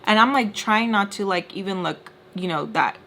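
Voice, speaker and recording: A young woman telling a casual storytime while doing her makeup, chatty and full of "like," sometimes dropping into hushed asides. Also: mid-range voice, moderate pace, slight background noise. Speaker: storytime vlogger.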